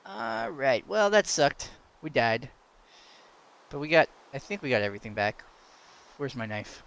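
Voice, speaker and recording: A young man giving casual gameplay commentary, excitable, laughing and yelping when danger comes, chatting to the game's creatures. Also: medium pitch, unhurried, highs cut off. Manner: excitable, yelps and laughs at danger, talks to game mobs. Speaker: gaming commentator.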